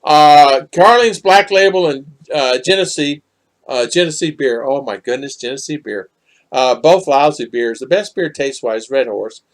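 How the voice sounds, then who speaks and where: A man's voice: mid-range voice, animated, moderate pace. Rambling older man chatting live. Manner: rambling, repeats himself, many fillers. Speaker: livestream host reading viewer comments. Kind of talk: casual live chat.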